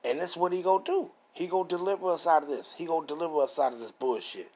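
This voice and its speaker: A man reading scripture aloud and preaching on it in a casual, rough-edged way, reading verses slowly and stopping to ask rhetorical questions. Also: fairly high pitch, a little mellow. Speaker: scripture teacher.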